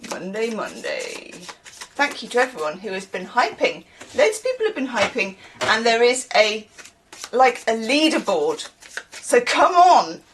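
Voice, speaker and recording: A woman's voice: fairly high pitch, big pitch swings, normal speed, background noise. A woman from the UK, a tarot reader who chats in a rambling way, with laughing asides. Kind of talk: casual chatty reading.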